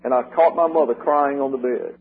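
An older man preaching a sermon, working through numbered points and repeating key slogans slowly and with emphasis, with a husky voice. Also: medium pitch. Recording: tinny lo-fi radio broadcast.

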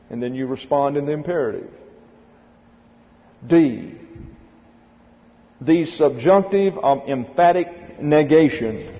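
A man's voice: a little high, takes it slowly, pauses often. A man teaching Greek grammar in a methodical classroom lecture, spelling words out letter by letter. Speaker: Bible teacher. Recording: dull lo-fi recording with long hall reverb.

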